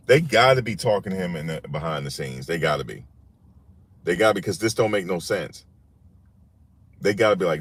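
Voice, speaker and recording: A man with a very low voice riffs through a casual sports reaction, slangy and emphatic. He keeps circling back to repeat his points, and a faint hiss of noise sits under his voice. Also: expressive, brisk, pauses often. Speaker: sports commentary channel host.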